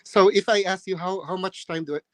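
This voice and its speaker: A man works through a practice speaking answer, pausing on fillers and restarting words. His voice is a little higher than average and sounds dry and close. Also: a bit bright, dry recording. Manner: hesitant, many fillers and restarts, polite. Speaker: nursing candidate practising for a speaking test. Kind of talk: mock exam answer and chat.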